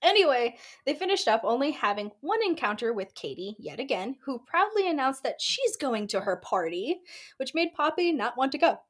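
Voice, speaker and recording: A woman with a high, bouncy voice chats casually on a podcast. She recaps a story and breaks into giggles and dry little asides. Her pitch swings widely from line to line. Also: very animated, normal speed. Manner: dry quips. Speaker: podcast co-host. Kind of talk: casual book recap chat.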